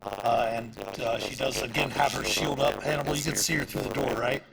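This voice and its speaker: A man's voice: medium pitch, brisk, gravelly, fairly bright tone, low-quality recording. A man narrating as game master in casual, filler-heavy speech. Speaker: dungeon master.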